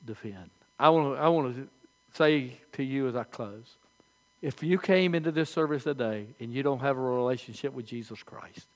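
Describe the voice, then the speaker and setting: An older man preaching a sermon as pastor, telling folksy stories with animated, halting restarts. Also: medium pitch.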